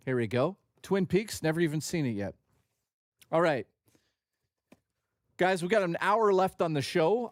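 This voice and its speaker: Animated, profane male streamer. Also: medium pitch, no room sound, clean studio sound. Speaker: livestream host. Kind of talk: casual livestream chat.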